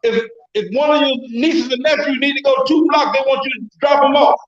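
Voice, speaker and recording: A man's voice: very high voice, steady tone, a little fast. A man recalling his youth football days with old teammates, emphatic and repeating himself. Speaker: guest, former teammate. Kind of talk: casual reminiscing. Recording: echoey room, dull lo-fi sound.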